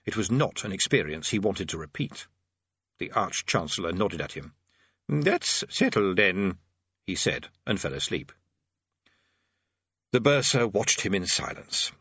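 A man's voice: deep voice, expressive, moderate pace, pauses often, a bit bright, slightly rough, no echo, muffled recording. A man narrating an audiobook with a dry, wry delivery.

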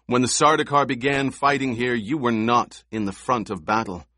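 A man voicing a calm, commanding young male duke in an audiobook, speaking in measured tones. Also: medium pitch, no room sound, clean studio sound, voice pushed up.

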